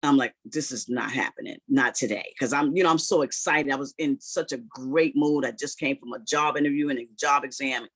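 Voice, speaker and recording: A man retelling a personal story in casual talk, animated and full of "you know" and "like". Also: fairly high pitch, a little fast, hardly any pauses.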